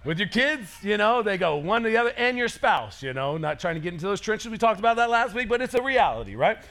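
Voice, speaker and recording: Man, pastor, sermon, high-pitched, lively conversational preaching. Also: fast. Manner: energetic, conversational preaching with acted-out quotes.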